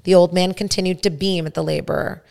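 A woman podcast host reading a first-person story aloud in a measured way. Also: fairly low pitch, fairly even intonation, creaky, darkish tone.

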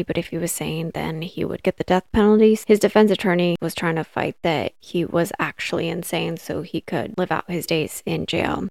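A woman's voice: lowish voice, darkish tone, no room sound. A woman telling a true crime story in a casual, chatty way, full of "like" and outbursts of swearing. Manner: chatty, heavy on "like", swears when outraged.

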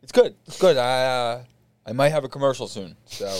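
A man's voice: mid-range voice, expressive, normal speed, a little mellow, clear, resonant tone, no room sound. A young man co-hosting a podcast, joking around in casual chat with stammering restarts. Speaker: podcast co-host.

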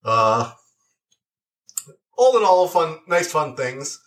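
A man's voice: fairly high pitch, sing-song, takes it slowly, a bit bright. A young man talking through a show review in casual chat, rambling and full of likes and uhs.

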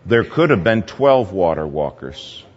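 Male preacher, animated storytelling sermon, long hall reverb, dull muffled sound. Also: low voice, unhurried. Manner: animated, swings between loud and hushed.

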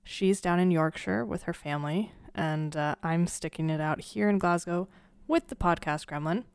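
A woman's voice: fairly low pitch, normal speed, clear, resonant tone, no echo. Woman podcast host, casual announcement, dry close sound, earnest. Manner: earnest, chatty, with fillers. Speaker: true crime podcast co-host.

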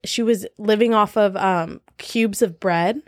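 A woman's voice: medium pitch, unhurried, no room sound, clean studio sound. A young woman in her twenties talking candidly in a casual podcast chat, laughing often and using many fillers.

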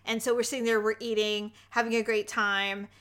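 Bright, animated woman telling stories. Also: a little high, brisk, smooth. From Northern California. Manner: animated storyteller, acts out quoted voices. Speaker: podcast co-host. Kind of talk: casual chat.

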